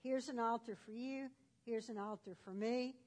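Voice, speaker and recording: A woman's voice: a little high, steady tone, moderate pace, darkish tone, close to an everyday voice. A woman telling a Bible story who voices a bold, confident male prophet in a plain storytelling voice. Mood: instructing.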